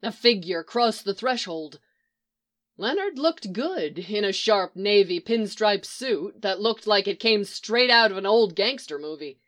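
A woman narrating a piece of fiction in a steady storytelling read. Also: mid-range voice, unhurried. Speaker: reader.

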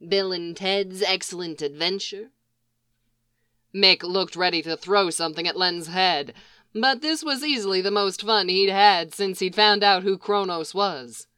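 A woman reading fan fiction aloud as narrator, in steady, unhurried narration. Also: mid-range voice, clean tone, no echo, clean studio sound. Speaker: reader.

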